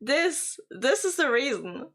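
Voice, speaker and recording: A woman's voice: high voice, big pitch swings, slow, a bit bright. Laughing woman streamer. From Germany. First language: German. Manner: rambling, laughs often, swears casually. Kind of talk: casual reaction stream chat.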